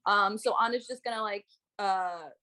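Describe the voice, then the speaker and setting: A woman's voice: mid-range voice, moderate pace, bright, forceful tone. A woman playing a tabletop game, describing her character's moves in a rambling, giggly, hesitant way. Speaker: player. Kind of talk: casual tabletop game play.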